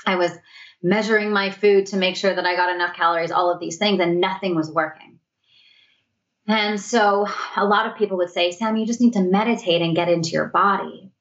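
Woman guest, earnest reflective storyteller, lower voice, slightly muffled audio. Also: steady tone, fairly quick, a bit bright. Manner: earnest, reflective, often quotes her own thoughts. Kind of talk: candid storytelling in conversation.

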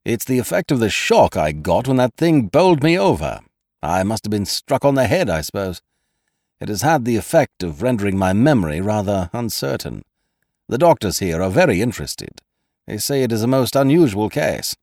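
A man's voice: fairly low pitch, sing-song, normal speed, darkish tone, no echo, studio quality. A man voicing a stiffly formal young male patient who talks in an odd, precise way. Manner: precise, stiff, pompous speech. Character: prim, oddly formal young male invalid.

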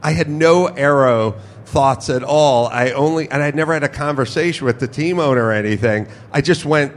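A man who races cars, telling a lively story on a podcast at a busy trade show booth, acting out what people said. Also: normal speed, few pauses, slight background noise. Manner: lively, acts out quotes with rising pitch. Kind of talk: animated storytelling.

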